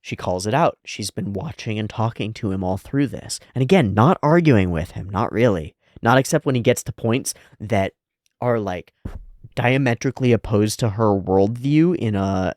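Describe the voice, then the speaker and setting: A man with a fairly low voice talks through an anime episode in loose, reflective commentary. He thinks aloud and leans on "like" as he works out his points. The recording is dry and close, with no room sound. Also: a little mellow, dry recording. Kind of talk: casual analytical commentary.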